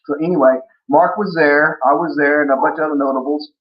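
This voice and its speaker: A man guest recounting stories at length, circling back with many restarts and fillers. His voice sits somewhat high for a man. The audio is a little muffled and lo-fi. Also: steady tone, a little fast, few pauses. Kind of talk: casual interview storytelling.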